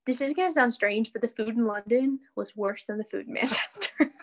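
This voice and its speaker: A woman's voice: a little high, brisk. A young American woman, a dancer, chatting casually in an interview over a video call, laughing often and full of "like" and "you know". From United States. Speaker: guest, dancer.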